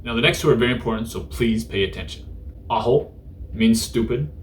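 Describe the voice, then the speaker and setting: A man's voice: medium pitch, fast talker, slight background noise. A man hosting a casual Japanese vocabulary lesson, talking in a laid-back, joking way with many fillers. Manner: joking, irreverent. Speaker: host teaching Japanese through news.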